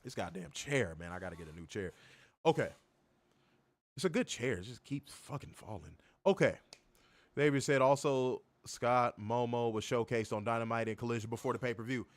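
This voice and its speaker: A young man co-hosting a wrestling review livestream, reading chat comments and trash-talking in a profane, animated way. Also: mid-range voice, moderate pace, no room sound. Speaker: wrestling podcast co-host.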